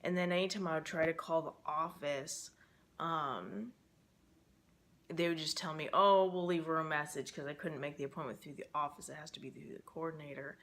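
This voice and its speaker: A woman's voice: low-pitched, fairly even intonation, moderate pace, fairly bright tone. A young woman talking to camera in a casual personal vlog, rambling and emotional with many fillers, stressed and frustrated. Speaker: vlogger.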